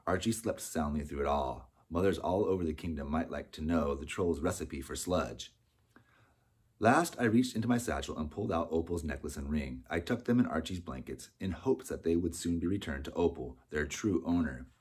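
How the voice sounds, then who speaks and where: A man narrating a storybook in a steady, unhurried way. His voice is very deep and slightly husky. He reads with an even storytelling tone. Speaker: audiobook narrator. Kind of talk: scripted narration.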